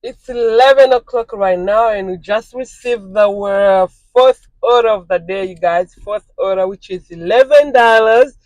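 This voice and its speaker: A delivery driver vlogging through a work shift, chatting to viewers and repeating phrases with excitement. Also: mid-range voice, measured pace, hardly any pauses, no room sound. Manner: excitable, repeats phrases, keeps saying "you guys". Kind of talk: casual vlog talking to viewers.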